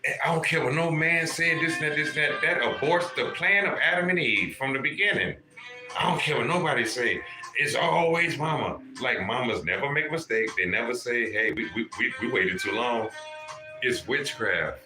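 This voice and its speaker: A man's voice: mid-range voice, animated, normal speed, roomy sound, music in the background. Profane preachy man on a livestream. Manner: profane, preachy, calls out to chat viewers. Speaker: livestream host.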